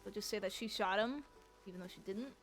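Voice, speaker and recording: A woman's voice: medium pitch, fast talker, soft background music. A woman streamer chatting casually with her viewers about her role-play character, swearing freely. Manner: chatty, swears, talks to chat.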